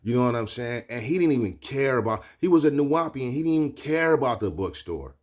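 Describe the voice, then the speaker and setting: A man's voice: mid-range voice, expressive, brisk, darkish tone. A man casually telling a personal story, loose and conversational, with constant check-ins to the listener. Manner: loose and conversational, keeps asking "you know what I'm saying". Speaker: vlogger.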